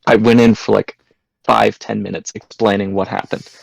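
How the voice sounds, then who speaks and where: A young man with a low, gravelly voice tells prank-call stories on a podcast, crude and loose. The sound is dry and close, with no room around it. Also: little pitch movement, normal speed, no room sound, rough recording. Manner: storytelling, crude jokes, acts out voices. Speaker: podcast guest. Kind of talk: casual chat.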